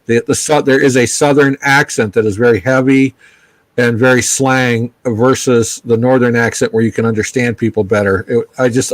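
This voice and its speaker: A man's voice: mid-range voice, dry recording, poor audio. A man in his sixties chatting casually, telling rambling stories in a laid-back way. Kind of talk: casual chat.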